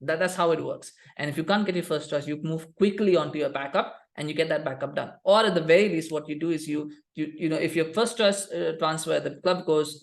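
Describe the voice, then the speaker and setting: Host, male, rapid opinionated rant with restarts and repetition. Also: on the high side, vocal fry. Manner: fast, heated, repetitive restarts. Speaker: football podcast host.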